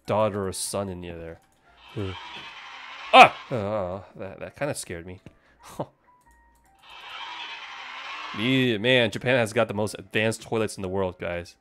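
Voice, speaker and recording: A man with a fairly low, fairly bright voice streams a game, giving live commentary. He's chatty, talking to both his viewers and the game characters, and reacts to what happens on screen, startling easily.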